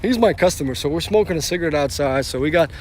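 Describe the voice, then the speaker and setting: A man's voice: on the high side, expressive, fast, slight background noise. Rambling man telling a story on a live stream. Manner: rambling, restarts often, casual swearing.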